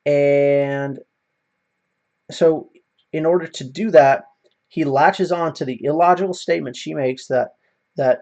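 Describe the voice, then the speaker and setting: A man's voice: fairly high pitch, steady tone, a little slow, vocal fry, pauses often, darkish tone, dull audio. A man ranting in a casual monologue, swearing often and rambling with many fillers. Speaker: video commentator.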